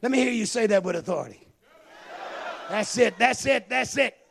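High-voiced gravelly man preaching, drops quiet then shouts it out, bit of music behind. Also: normal speed, a little hiss or hum. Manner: swings from hushed asides to shouting, sing-song emphasis. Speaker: pastor. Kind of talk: sermon.

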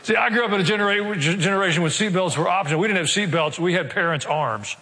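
Long reverb trails each phrase as a pastor preaches in a church sanctuary. His fairly high voice is pushed and bright, earnest as he poses rhetorical questions to the congregation and slows down when a point matters.

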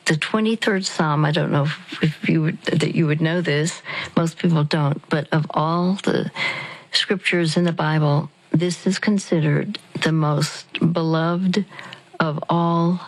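Slow husky lady radio counselor, lots of uh and restarts, lowish voice. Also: fairly even intonation, poor audio. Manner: halting, with fillers and restarts.

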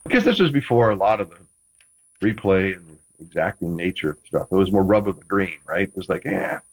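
A man's voice: sits low, lively intonation, brisk, slightly rough, low-quality recording. A man, a former quarterback, chatting casually as a guest, rambling with frequent restarts and playful teasing. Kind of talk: casual chat.

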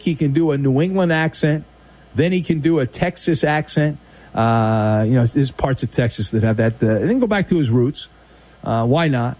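A man's voice: a little high, darkish tone, rough recording. A man hosting a daily sports talk show, giving sarcastic, jokey opinions and acting out quotes in silly voices.

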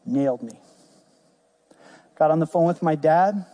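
A man's voice: a little high, a little slow, mellow. A man preaching a sermon as pastor, earnest and emphatic.

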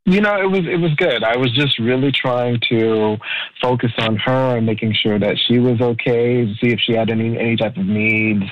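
A man's voice: mid-range voice, fairly even intonation, normal speed. Hesitant male caller on a dull line. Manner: hesitant, repeats words when starting. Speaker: radio show caller. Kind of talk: casual phone-in storytelling.

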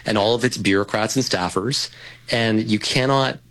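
A man appearing as a guest commentator on talk radio, talking in a measured, analytical way. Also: on the low side, fairly bright tone, poor audio.

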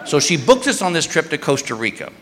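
A man's voice: on the high side, big pitch swings, quick pace. A middle-aged man telling a self-mocking story in a stand-up comedy routine on a large stage. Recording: long hall reverb, faint noise.

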